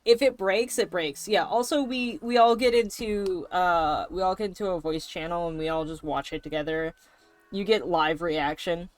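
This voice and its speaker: A woman's voice: lowish voice, moderate pace, dry recording. A woman streamer chatting casually and rambling while she draws, swearing now and then. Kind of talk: casual chat while drawing. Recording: faint background music.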